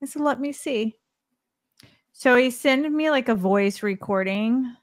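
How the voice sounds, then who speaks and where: A woman's voice: a little high, measured pace, dry recording. A woman co-hosting a casual podcast, telling a story in a chatty, giggly way. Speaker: podcast co-host. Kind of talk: casual chat.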